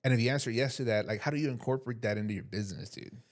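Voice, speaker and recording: A man's voice: mid-range voice, very fast. A man hosting a podcast interview in a laid-back way, calling his guest "dude" all the time. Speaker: podcast host. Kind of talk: casual interview chat.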